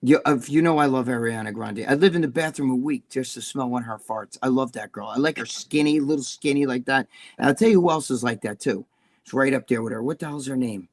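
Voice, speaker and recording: A man's voice: mid-range voice, quick pace. A man chatting as a livestream guest, telling rambling stories and swearing freely. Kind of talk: casual livestream chat.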